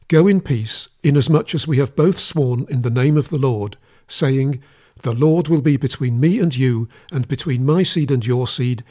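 Man, mid-pitched voice, scripture reading, steady measured delivery. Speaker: scripture reader.

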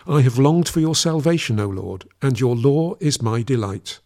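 Man reading scripture, measured and solemn. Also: mid-range voice, expressive, gravelly, a little mellow. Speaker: scripture reader.

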